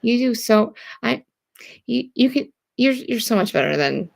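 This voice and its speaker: A woman's voice: a little high, expressive, a little slow, vocal fry. A woman guesting on a casual livestream, talking in a rambling way with lots of fillers. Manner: talkative, rambling, many fillers like "like". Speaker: guest co-host.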